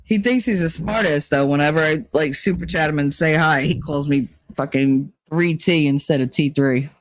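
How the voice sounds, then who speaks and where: A woman's voice: low voice, normal speed, no echo, rough recording. A woman livestreamer chatting casually in a blunt, rambling way, swearing and laughing often.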